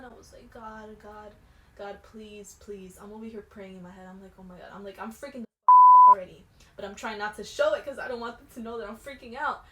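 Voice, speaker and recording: A young woman vlogger telling a storytime in casual slangy chat, animated, dropping to hushed tones and rising to shouts. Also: mid-range voice. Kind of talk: storytime vlog. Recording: echoey room with faint noise.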